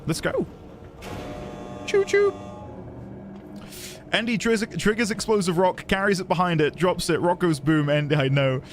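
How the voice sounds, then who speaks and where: A man's voice: high voice, a little fast, hardly any pauses, slight background noise. A man giving casual live-stream commentary, chatting with viewers while he plays and thinks aloud. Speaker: streamer playing a video game.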